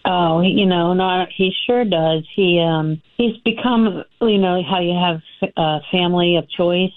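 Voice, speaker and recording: An older woman, a grandmother, telling animated stories as an interview guest, laughing often and acting out what others said. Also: lowish voice, unhurried. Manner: animated storyteller, laughs often, acts out quotes. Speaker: guest, nonprofit founder. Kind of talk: conversational storytelling interview. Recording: tinny phone-line sound.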